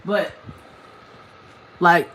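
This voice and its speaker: A woman's voice: drawn-out words, a bit bright. A woman on a livestream giving spiritual life advice in a casual, emphatic, preachy way, full of folksy asides. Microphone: single mic on a livestream.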